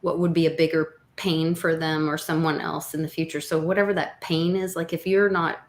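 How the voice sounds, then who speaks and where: A woman's voice: sits low, little pitch movement, normal speed. A woman in casual chat, giving firm, opinionated views. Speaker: guest co-host. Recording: roomy echo.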